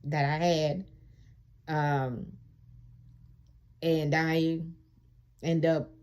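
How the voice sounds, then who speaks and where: A woman casually telling a personal story to viewers, emphatic and colloquial, repeating phrases for emphasis and growing animated when she recalls being wronged. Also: sits low, drawn-out words, clean tone. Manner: animated when reliving indignation. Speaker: vlogger sharing her immigration experience.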